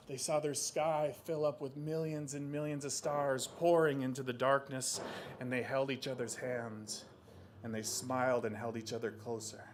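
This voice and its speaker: A man telling a traditional story aloud with animated delivery, acting out voices and sound effects. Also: mid-range voice, a little hiss or hum. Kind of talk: live oral storytelling.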